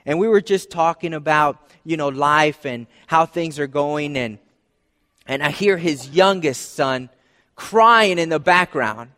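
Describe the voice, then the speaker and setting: A man preaching a sermon as pastor, conversational, dropping soft and low for emphasis. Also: measured pace. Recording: long hall reverb.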